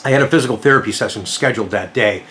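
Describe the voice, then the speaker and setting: A middle-aged man hosting his vlog and casually retelling a personal story in an animated, dramatic way. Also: fairly low pitch, racing, slight background noise. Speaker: vlog host.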